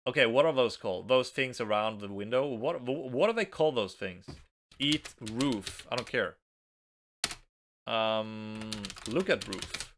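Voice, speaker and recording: A man's voice: mid-range voice, expressive, a little slow, fairly bright tone. A young man with a Norwegian accent, a native Norwegian speaker, casually commenting on a game he plays and reading its text aloud with nervous giggles. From Norway. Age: young adult. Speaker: let's play host.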